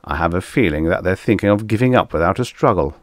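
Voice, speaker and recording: A man's voice: deep voice, animated, fast talker, no echo, clean studio sound. A man voicing a boastful, warlike alien male ruler who hoots and blusters in a storybook reading. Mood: bullying. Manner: hooting, blustering, bellowing.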